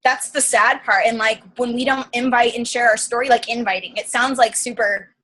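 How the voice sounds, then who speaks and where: A woman's voice: on the high side, steady tone, moderate pace, pushed and bright, rough recording. A woman coach on a casual group call, talking in an emotional, gushing way with many fillers. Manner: reads listener comments aloud.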